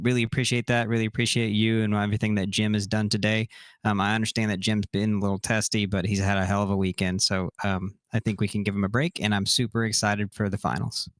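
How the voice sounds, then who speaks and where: Flat-toned self-deprecating male caster. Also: lowish voice, clean tone, dry recording. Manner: self-deprecating, halting, with fillers. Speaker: guest esports caster. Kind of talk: casual stream chat.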